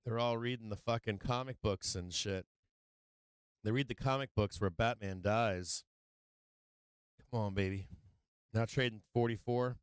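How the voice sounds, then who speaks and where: Mid-range in pitch and at normal speed, this livestream host's voice is clear and resonant, with no room sound. He narrates his stock trades live, cursing and trash-talking with brash excitement, shifting between low muttering and fired-up bursts.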